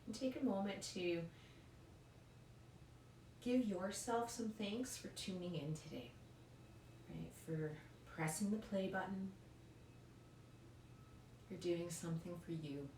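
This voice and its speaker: A woman leading a yoga class in a calm, encouraging way, often checking in with "right?". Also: on the low side, slow pace, pauses often, a little hiss or hum. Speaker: yoga instructor. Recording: roomy echo, mic at a distance.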